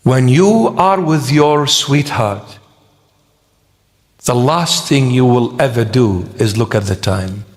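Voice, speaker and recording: Slow, emphatic male preacher in a reverberant hall. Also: mid-range voice. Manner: slow, emphatic, rhetorical questions. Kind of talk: sermon.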